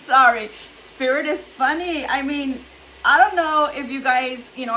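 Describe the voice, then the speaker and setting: A woman's voice: high-pitched, pushed and bright, a little hiss or hum. A middle-aged woman giving a casual tarot reading to camera. She is chatty, laughs often and acts out little reactions, a little distant from the camera at home. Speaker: tarot reader.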